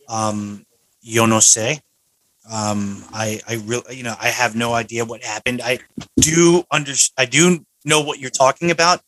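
A man's voice: mid-range voice, steady tone, a little slow, fairly bright tone, dry recording, poor audio. A man hosting a casual podcast chat, joking around and rambling with lots of fillers. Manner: jokey, rambling with many fillers. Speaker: podcast host. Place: home podcast studio.

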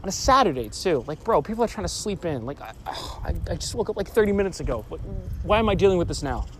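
A man's voice: sits high, very animated, quick pace, a bit bright. A young man telling a story in an agitated, rambling rant, swearing often and restarting his sentences. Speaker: vlogger. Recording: noisy street background.

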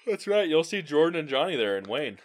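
A man's voice: fairly high pitch, big pitch swings. A young man co-hosting a podcast in casual chat, reacting in disbelief and teasing his co-host. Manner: teasing, incredulous, quick reactions.

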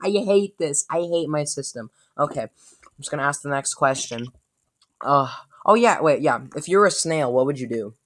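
A woman hosting a casual group chat, excitable and dramatic, laughing often. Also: deep voice, moderate pace. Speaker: podcast host asking questions.

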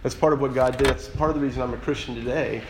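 A man preaching in an earnest, conversational way, pitched in an ordinary middle register. He talks straight to the congregation and often turns to them with questions. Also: fairly even intonation, racing, noisy background. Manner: earnest, direct, asks the listeners questions. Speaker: pastor. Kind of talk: conversational sermon.

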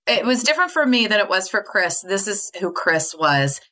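Bright-voiced woman telling her story. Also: mid-range voice, sing-song, moderate pace. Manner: candid storyteller, laughs often. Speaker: podcast guest. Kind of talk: casual interview conversation.

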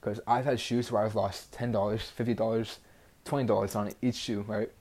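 A man's voice: on the low side, level tone, moderate pace, darkish tone. A teenage boy hosting a casual solo podcast, rambling bluntly with constant "like" fillers and a frustrated edge. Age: teens. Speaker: podcast host.

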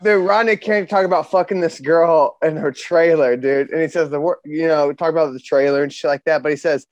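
A man with a high voice jokes in casual banter and retells a crude anecdote with quick quips. The sound is dry and close. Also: steady tone, a little mellow, no room sound, lo-fi sound.

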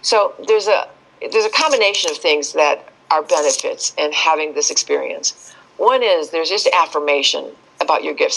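A woman speaking as an expert guest in a podcast interview, telling stories with lively shifts and acting out quoted voices. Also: fairly low pitch, a little fast, vocal fry, poor audio.

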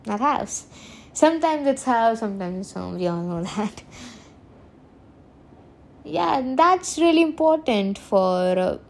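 A fairly high-voiced woman, talking on her own podcast. She rambles in an earnest, casual way, restarting her sentences and breaking into small laughs. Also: animated, a little slow, gravelly, pauses often. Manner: rambling and earnest, self-correcting, laughs often. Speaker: podcast host. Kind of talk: casual solo podcast monologue.

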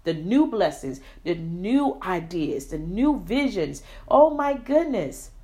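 A woman's voice: on the low side, big pitch swings, slow pace, warm tone. A woman hosting an inspirational Christian podcast, exuberant and preacherly, calling listeners "beloved" and "Shugs". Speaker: podcast host.

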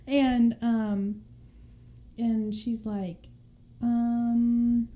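A woman's voice: fairly high pitch, drawn-out words, long pauses, warm tone. A young woman telling a true crime story in casual chat, laughing often and acting out the people in it. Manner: chatty, laughs often, acts out quoted voices.

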